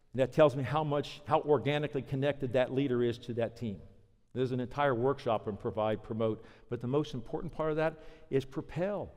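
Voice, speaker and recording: A man giving a conference keynote on leadership, telling anecdotes in an energetic way and punching out short lists. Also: mid-range voice, fairly quick. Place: conference hall. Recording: long hall reverb.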